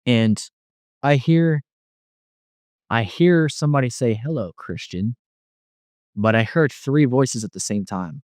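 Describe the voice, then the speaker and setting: A man's voice: medium pitch, measured pace, pauses often, darkish tone, no echo, studio quality. A young man telling his personal faith testimony in an earnest, rambling way, with many restarts.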